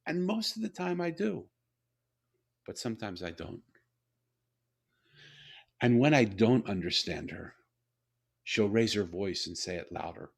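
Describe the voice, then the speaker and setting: An older man telling a personal story in a conversational interview, animated and repeating words as he builds his point. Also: fairly low pitch, a little slow, gravelly, pauses often, breathy edge. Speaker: guest, author and CEO.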